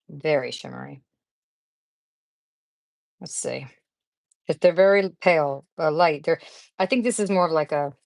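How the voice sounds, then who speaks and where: A craft channel host with a low-pitched voice, recorded dry, runs a casual live chat. She fiddles with supplies as she sorts them, rambling and chatting, laughing often and greeting viewers by name.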